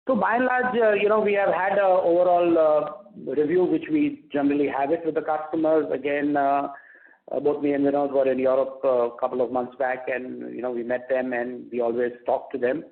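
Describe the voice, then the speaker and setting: On a tinny phone line, a male company executive with an Indian English accent fields analysts' questions during an earnings call. His answers are halting, packed with fillers and restarts, delivered in a fairly high, level voice.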